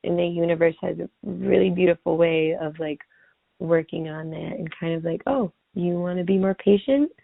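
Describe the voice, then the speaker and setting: Over a tinny, phone-like line on a dry recording, a woman talks at normal speed in a lowish, creaky voice. She's a guest on a podcast, musing casually and thinking aloud, her rambling speech full of "like."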